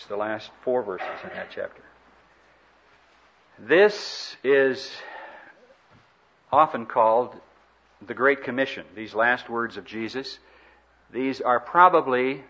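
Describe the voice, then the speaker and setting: A man preaching a sermon in an earnest, emphatic way, with dramatic pauses and swells. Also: mid-range voice, bright, forceful tone, dull audio.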